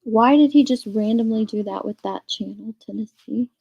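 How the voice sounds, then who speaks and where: A woman's voice: on the high side, normal speed, creaky, warm tone, husky, muffled recording. A woman hosting a casual livestream, chatting and reading viewer comments aloud. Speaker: livestream host reading chat.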